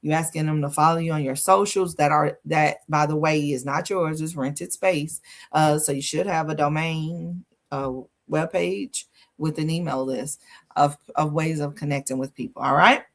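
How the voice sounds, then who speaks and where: Woman host: low, gravelly voice, sassy and lively coaching delivery. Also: moderate pace. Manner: lively, sassy, laughs a lot, talks with the listener. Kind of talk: casual livestream coaching talk.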